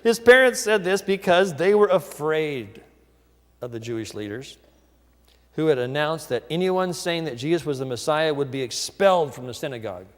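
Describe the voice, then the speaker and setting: A male pastor preaching a sermon, telling the story lively and acting out the people in it. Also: on the high side, moderate pace, long reverb tail. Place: church.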